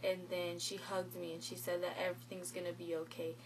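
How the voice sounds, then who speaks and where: A teen girl vlogger speaks briskly in a voice on the low side, sharing her own story. She animates past conversations with quoted dialogue and the filler "like." Audio quality is poor.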